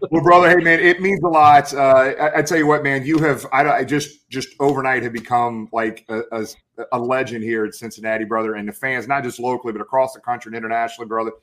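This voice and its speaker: A man's voice: medium pitch, fairly even intonation, brisk, a bit bright. A middle-aged man hosting a casual sports interview, enthusiastic and full of hype, calling his guest brother and man. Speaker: host.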